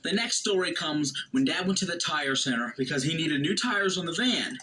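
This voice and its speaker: Bright-voiced man telling a story. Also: fairly high pitch, moderate pace, slight background noise, poor audio. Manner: lively anecdotal retelling with quoted voices. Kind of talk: casual storytelling.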